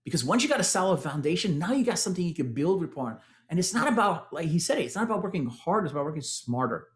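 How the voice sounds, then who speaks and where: Texan guy in his 40s, kinda higher voice, pumped up testimonial talk. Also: quick pace. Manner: energetic, addresses audience as "guys". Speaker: former tech executive sharing his testimonial.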